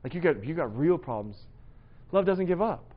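A man's voice: fairly high pitch, very animated, moderate pace, phone-quality sound. Casual self-mocking man preaching. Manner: casual, self-deprecating, conversational. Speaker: pastor. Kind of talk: sermon. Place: church hall.

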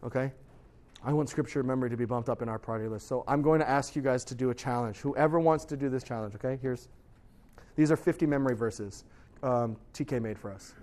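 A man teaching a youth group about Scripture in a casual, animated way, often putting questions to his listeners. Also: mid-range voice, quick pace. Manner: animated, acts out quoted voices; conversational, asks the listeners questions.

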